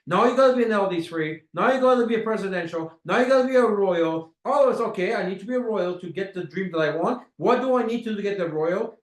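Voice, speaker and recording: A man's voice: high-pitched, reverberant, poor audio. A man leading a network marketing training, talking emphatically with lots of repetition and stretched-out key words. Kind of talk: motivational sales training talk.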